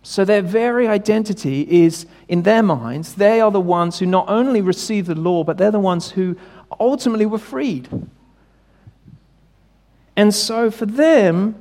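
A man's voice: high-pitched, measured pace, darkish tone. Man preaching in a reverberant hall. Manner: conversational, emphatic, rhetorical questions. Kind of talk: sermon.

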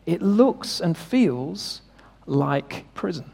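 A high-voiced man preaching to a congregation, casual but emphatic, asking questions and stressing key words. His voice rings out with long reverb through a church hall. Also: sing-song, very slow, gravelly, dark tone, husky. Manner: conversational, emphatic, rhetorical questions. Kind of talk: sermon.

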